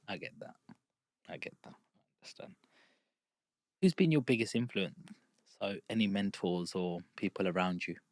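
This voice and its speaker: A man in his thirties with an East London accent, hosting a podcast interview and telling stories in a lively, chatty way. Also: sits low, moderate pace, long pauses, no room sound. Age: 30s. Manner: lively storyteller, acts out quoted voices. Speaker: podcast host. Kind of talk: casual conversational interview.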